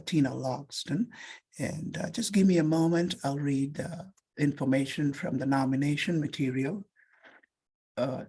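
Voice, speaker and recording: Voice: mid-range voice, darkish tone, slightly rough. An emcee presenting awards at a formal reception, courteously thanking people and reading nomination text aloud. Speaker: ceremony emcee.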